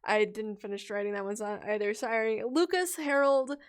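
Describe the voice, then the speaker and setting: High-voiced giggly woman reading names. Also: expressive, moderate pace, smooth. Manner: giggly, distracted, stumbles over names while scrolling chat. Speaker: livestream host and storytelling bard. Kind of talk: casual livestream chat, reading viewer names aloud.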